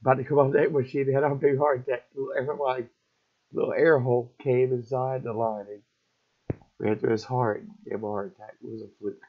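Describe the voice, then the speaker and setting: Gravelly man, halting grief. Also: medium pitch, level tone. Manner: halting, repetitive, raw. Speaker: storyteller. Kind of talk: emotional personal story. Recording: dull lo-fi recording.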